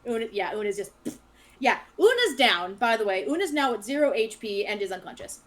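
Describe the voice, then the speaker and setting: A woman's voice: on the high side, sing-song, brisk, a bit bright. Woman narrating as dungeon master. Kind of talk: narrating a tabletop game.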